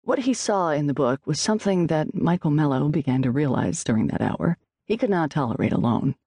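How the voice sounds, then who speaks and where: Gravelly, mellow audiobook narrator. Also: medium pitch, no echo. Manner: measured, expressive reading.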